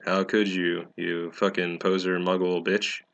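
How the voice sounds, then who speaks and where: A sulky young male vampire snarls in anger, as a man voices him. The voice is low and sharp-edged, with a sullen bite. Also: flat delivery, unhurried, creaky, dull audio, heavily acted. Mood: angry.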